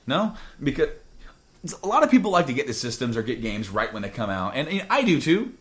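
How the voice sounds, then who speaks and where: His medium-pitched voice swoops wildly up and down, fast and fairly bright. The man hosts a gaming podcast in a studio, keeping the chat casual and rambling while he drinks beer.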